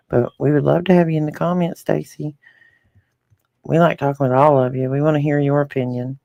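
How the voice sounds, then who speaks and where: A man's voice: a little high, vocal fry, darkish tone, no room sound, clean studio sound. A man with a rural Southern American accent, a podcast co-host chatting casually with live viewers and reading their comments aloud.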